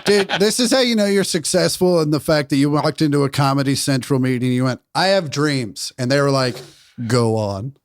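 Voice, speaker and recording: A man's voice: fairly high pitch, no room sound, studio quality. Man with short, joking replies. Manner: brief supportive replies, quick jokes. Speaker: podcast guest. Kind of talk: casual chat.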